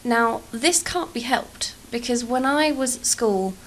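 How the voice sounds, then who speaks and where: A woman's voice: on the high side, unhurried, a bit bright, slight background noise. A young English woman with an accent that slides between posh and Cockney, chatting casually over gameplay in a rambling, self-deprecating way and swearing freely. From England. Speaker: YouTuber.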